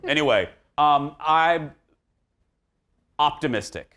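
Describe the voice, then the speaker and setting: A man hosting an entertainment talk show, chatting casually with an animated, joking and emphatic manner. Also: fairly high pitch, takes it slowly.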